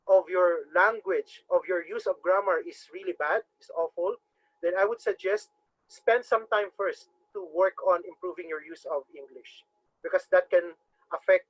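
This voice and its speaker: A man's voice: high voice, no echo. A man with a strong Visayan Filipino accent teaching public speaking in an online webinar, earnest and often repeating words as he thinks. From Philippines, Cebu. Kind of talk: webinar lecture. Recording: dry, dull lo-fi webinar audio.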